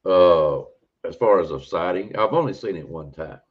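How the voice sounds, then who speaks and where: Guy, really low voice, rambling folksy story, kinda muffled lo-fi sound. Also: normal speed. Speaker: podcast guest telling an encounter story. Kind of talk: casual storytelling. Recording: dull lo-fi audio.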